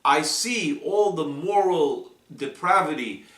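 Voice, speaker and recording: A man giving a slow, deliberate weekly Torah portion talk, reading Hebrew verses and explaining them. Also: a little high, lively intonation, a bit bright, reverberant, recorded from a distance. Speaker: Torah teacher.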